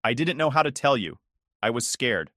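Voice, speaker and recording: A tearful young woman pleads and apologizes, as a male narrator reads her lines. The voice moves over a lively pitch range on a dry, close recording with no room sound. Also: moderate pace, no echo. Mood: pleading.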